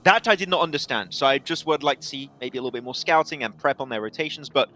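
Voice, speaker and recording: A man analysing matches on an esports desk in a quick, excitable way. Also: mid-range voice. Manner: rapid, excitable, restarts often.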